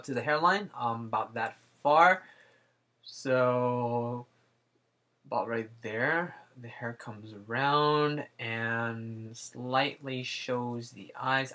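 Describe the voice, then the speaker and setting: A man's voice: mid-range voice, sharp tone. A man hosting a live drawing stream, rambling and joking with viewers and talking himself through his work. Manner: rambling, jokey, talks to himself while working. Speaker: livestream artist host. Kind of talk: casual chat while drawing live.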